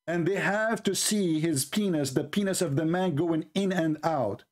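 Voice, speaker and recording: A taunting, combative man hosts a live-stream polemic. His voice sits a little high for a man, and he keeps chuckling at his own jabs. His English grammar is non-native and rough. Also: moderate pace. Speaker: debate show host.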